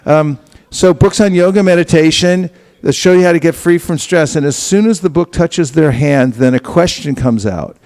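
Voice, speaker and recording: A man's voice: a little high, lively intonation, normal speed, few pauses, a little mellow. A man teaching a seminar group, acting out little dialogues with casual asides. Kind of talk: instructional talk to a group. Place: temple hall.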